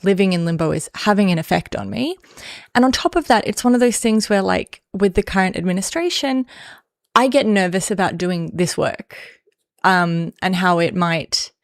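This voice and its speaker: A woman's voice: lowish voice, gravelly, dry recording, studio quality. Rambling Australian woman, chatty livestream. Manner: rambling, filler-heavy, self-mocking humor. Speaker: livestream host. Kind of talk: casual livestream chat.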